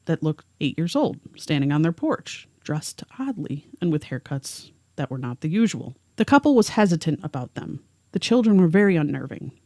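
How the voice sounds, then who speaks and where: Woman calmly narrating a spooky account. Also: fairly low pitch, dry recording, studio quality. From rural area. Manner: reads a first-hand account aloud. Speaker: podcast co-host. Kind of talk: narrated storytelling.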